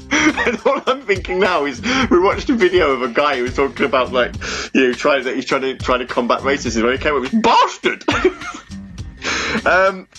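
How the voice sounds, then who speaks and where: A man's voice: mid-range voice, fast talker, a bit bright, faint music behind. A man hosting a casual fan radio show, rambling and interrupting himself, from England. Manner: rambling, self-interrupting, puts on voices. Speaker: podcast host.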